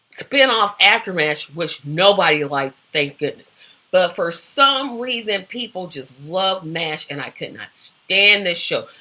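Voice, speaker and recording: Bright-voiced woman ranting casually. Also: medium pitch. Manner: opinionated, rambling, lots of fillers. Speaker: host. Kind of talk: casual solo talk show.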